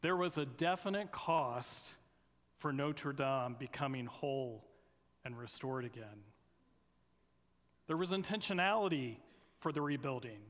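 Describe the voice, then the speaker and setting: A man preaching a sermon as a guest speaker, opening with a prayer and speaking in earnest, measured phrases with pauses between them. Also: medium pitch, expressive, a bit bright. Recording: long reverb of a large hall.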